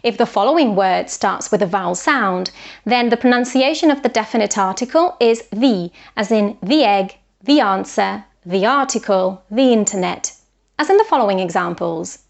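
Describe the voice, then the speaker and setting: A woman teaching English pronunciation online in a calm, measured voice. She explains each rule step by step and says her example words slowly and deliberately so learners can copy them. Her pitch sits in the ordinary middle range for a woman. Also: creaky.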